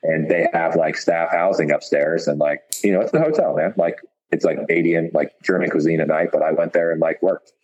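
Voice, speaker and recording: A man's voice: low-pitched, steady tone, brisk, a little mellow, lo-fi sound. A man, a chef, telling long stories in a loose, profane way with lots of fillers. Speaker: chef, podcast guest. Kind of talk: casual storytelling.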